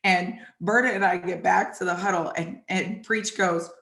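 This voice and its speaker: A woman hosting and telling animated stories about her football days, acting out the lines people said. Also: lowish voice, moderate pace, gravelly. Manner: animated, acts out quotes from the story. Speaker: host and former football player. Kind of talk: storytelling chat. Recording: echoey room.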